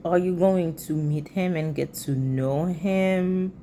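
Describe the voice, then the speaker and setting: A woman's voice: fairly low pitch, fairly even intonation, takes it slowly, mellow, a little hiss or hum. A woman hosting a reaction video, commenting in a disapproving, lecturing way. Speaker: commentary channel host.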